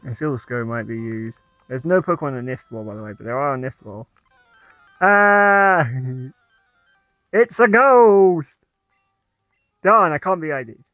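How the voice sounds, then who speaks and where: A man's voice: mid-range voice, fast talker, few pauses, no echo, faint music behind. A man giving playful, chatty commentary over a video game he is playing. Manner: playful, chatty, laughs at own jokes. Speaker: let's play gamer. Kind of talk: casual gameplay commentary. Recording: dull lo-fi sound.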